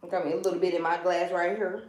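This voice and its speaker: A young woman talking in an animated, sassy way in a casual travel vlog. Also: lowish voice, quick pace. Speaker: travel vlogger. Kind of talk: casual chat. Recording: echoey room, faint noise.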